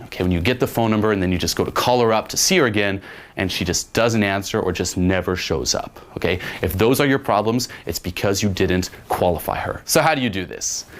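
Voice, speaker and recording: A man's voice: lowish voice, a little hiss or hum. A man giving dating advice in a blunt, profane instructional monologue, often acting out little quotes. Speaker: dating coach.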